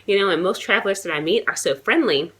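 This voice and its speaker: A woman's voice: mid-range voice, animated, quick pace, a bit bright. A young American woman with a cold, chatting casually to camera in a travel vlog, full of likes and you knows. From United States. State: has a cold, chesty. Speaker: travel vlogger.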